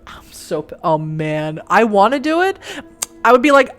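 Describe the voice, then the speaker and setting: A woman's voice: on the high side, lively intonation, a little slow, creaky, soft background music. A woman hosting a let's play at home, reading the game aloud and throwing in sarcastic, laughing asides. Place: home next to train tracks.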